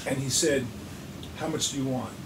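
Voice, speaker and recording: A man telling an animated, profane story in an interview, acting out both sides of phone calls. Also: medium pitch, moderate pace. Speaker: guest musician. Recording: roomy echo, distant mic, clear background noise.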